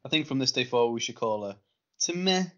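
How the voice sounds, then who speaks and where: A man's voice: mid-range voice, very fast, fairly bright tone. A man co-hosting a podcast, chatting casually and swearing a lot in an exasperated way. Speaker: podcast co-host. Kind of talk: casual wrestling chat. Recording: dull lo-fi podcast audio.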